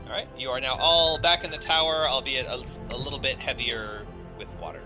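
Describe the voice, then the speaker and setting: A man working as game master, narrating a tabletop game over a voice call in a quick, amused way and laughing often. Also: medium pitch, bright, forceful tone, faint music behind, poor audio.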